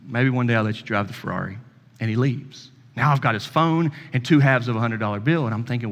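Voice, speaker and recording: A pastor in his thirties tells a personal story from the pulpit in a folksy, conversational way. He acts out the other person's lines as he goes. His mid-pitched voice rings out with the long reverb of a church hall. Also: quick pace. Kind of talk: sermon with storytelling.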